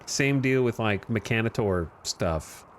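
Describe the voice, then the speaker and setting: A man's voice: lowish voice, animated, measured pace, a little hiss or hum. Wry man chatting over a game. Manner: wry, rambling, self-deprecating. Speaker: streamer. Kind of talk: casual gameplay commentary.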